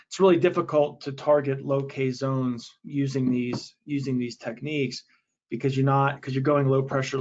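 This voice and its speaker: A man presenting a technical webinar, explaining in a casual way with frequent fillers and restarts. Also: mid-range voice. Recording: dull, lo-fi audio.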